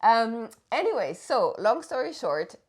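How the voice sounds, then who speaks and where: A woman from Germany, co-hosting a casual chat in a playfully argumentative, animated way. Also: fairly high pitch, measured pace, slightly rough. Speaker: co-host.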